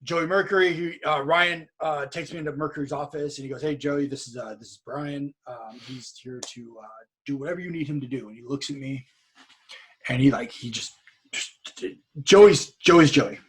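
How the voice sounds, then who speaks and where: Husky man telling an animated story. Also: on the high side, moderate pace. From California. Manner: animated storyteller acting out other people's lines. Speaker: podcast guest. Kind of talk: casual storytelling.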